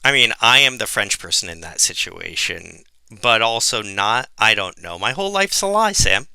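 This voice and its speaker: A man co-hosting a podcast in casual chat, animated and laughing as he tells stories. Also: fairly low pitch, normal speed, vocal fry, smooth, no room sound. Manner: mimics voices in quoted anecdotes. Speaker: podcast co-host.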